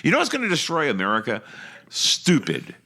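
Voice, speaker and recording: An Australian man hosting a casual political chat show, sardonic and quick to laugh. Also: a little high, gravelly. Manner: laughs often, sardonic and animated. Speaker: podcast host.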